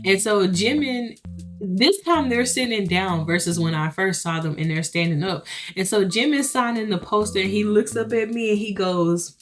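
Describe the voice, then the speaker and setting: Animated young woman telling a story. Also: medium pitch, moderate pace. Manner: animated, chatty, laughs often, playacts others' voices. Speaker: vlogger. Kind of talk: casual storytelling to viewers.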